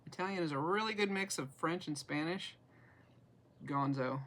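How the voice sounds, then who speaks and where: A woman's voice: low-pitched, moderate pace, noisy background. A woman, chatting casually and self-deprecatingly as she shows her cross-stitch projects, laughing often. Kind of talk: casual show-and-tell chat.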